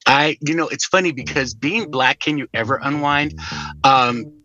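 A middle-aged man chatting as a podcast guest, an animated storyteller who jokes and laughs easily. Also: medium pitch, normal speed, dull audio. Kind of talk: casual conversation.

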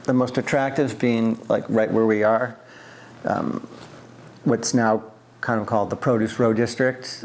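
Brief: man from the US East Coast, mid-pitched, rambling storyteller in an oral history interview. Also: a little hiss or hum. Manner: rambling, conversational, many fillers and restarts.

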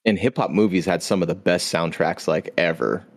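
A man's voice: deep voice, normal speed. A man co-hosting a podcast in a laid-back, agreeable way, with easy slang. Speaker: podcast co-host. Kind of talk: casual podcast chat.

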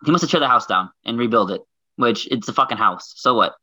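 A man's voice: mid-range voice, expressive, fast talker, sharp tone, no echo, muffled recording. A man from Ohio co-hosting a podcast, explaining a local story at length and repeating himself. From Ohio, United States. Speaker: podcast co-host. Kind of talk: casual podcast discussion.

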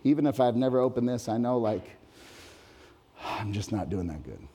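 A man preaching a sermon in a church hall, animated, rising loud and high whenever he reads scripture aloud. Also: moderate pace, slightly rough. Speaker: pastor.

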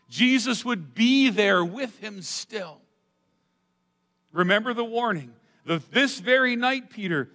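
A male pastor preaching a sermon, dramatic, swinging between loud emphatic lines and hushed asides. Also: sits high. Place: church sanctuary. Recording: long hall reverb.

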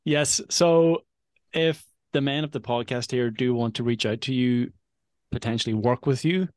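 A man's voice: medium pitch, dry recording, clean studio sound. A man hosting a podcast interview, chatty and full of praise for his guest. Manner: warm praise, says brother and man. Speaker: podcast host.

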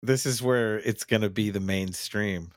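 This podcast co-host has a lowish voice and takes his time, recorded in studio quality without any echo. His casual chatter is frank and full of profanity, he often starts sentences over, and he mimics lines mid-conversation.

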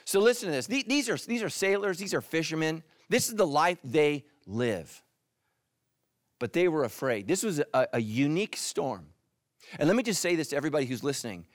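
Animated pastor preaching, dry close sound. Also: male voice, a little high, fairly quick, no echo. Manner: animated preaching, swings from loud to hushed. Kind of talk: sermon.

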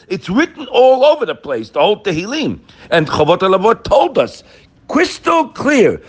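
A middle-aged man giving an animated Torah lecture, firing rhetorical questions and quoting Hebrew verses. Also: a little high. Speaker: Torah teacher.

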